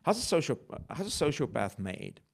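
A man preaches in a lively, animated voice that swings up and down, a little higher than most men. He talks in a conversational way, asking the congregation questions and poking fun at himself. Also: normal speed, gravelly. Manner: conversational, with self-mocking laughs. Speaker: pastor. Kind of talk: sermon.

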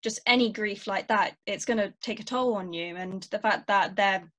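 A woman interviewing a guest, warm and encouraging. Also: medium pitch, moderate pace. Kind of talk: conversational interview.

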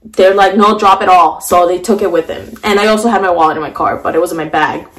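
A young woman vlogger telling a storytime tale in a chatty, animated way, full of fillers and asides. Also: on the low side, fast talker, slight background noise, low-quality recording. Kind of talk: storytime vlog.

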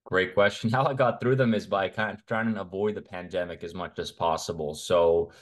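A man's voice: low-pitched, steady tone, fairly quick. A man from Canada, a men's health coach, talking as a guest in a casual interview in a blunt, opinionated way. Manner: blunt, opinionated, talks in long runs.

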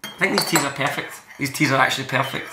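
A man's voice: medium pitch, fast talker, very noisy. A man chatting casually as he makes tea, rambling in a playful, mock-serious way. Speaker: host making tea on camera. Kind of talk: casual chat. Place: kitchen. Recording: echoey kitchen with clattering dishes.

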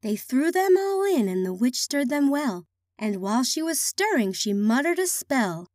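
Expressive sing-song woman reading a picture book. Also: sits high, moderate pace, no room sound, clean studio sound. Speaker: children's story reader. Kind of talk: read-aloud picture book narration.

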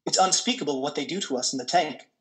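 A man's voice: a little high, quick pace, a bit bright, close to an everyday voice, rough recording. An actor playing an earnest young male transhuman android, speaking in an urgent, sincere way. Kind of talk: audio drama reading.

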